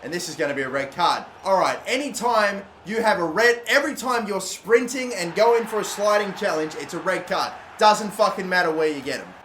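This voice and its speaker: A young man commentating his own football video game, swearing constantly and bursting into loud, frustrated outbursts. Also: high voice, lively intonation, a little fast, few pauses. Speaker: gaming YouTuber. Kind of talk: live gameplay commentary. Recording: echoey room, faint background noise.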